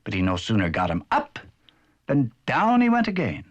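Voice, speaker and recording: A man narrating a children's cartoon story in a playful, animated storytelling way. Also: mid-range voice, normal speed, highs cut off.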